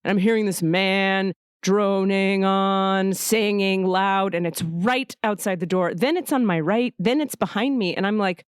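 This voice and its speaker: A woman host telling a personal story in casual, emotional, profane talk, often jumping up in pitch for quoted thoughts. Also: normal speed, clear, resonant tone, no room sound, clean studio sound.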